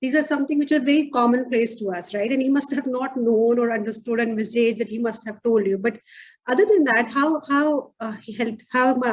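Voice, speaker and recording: A woman interviewer with a somewhat high voice asks long, rambling questions, circling back and restarting as she goes. The recording sounds dull and lo-fi.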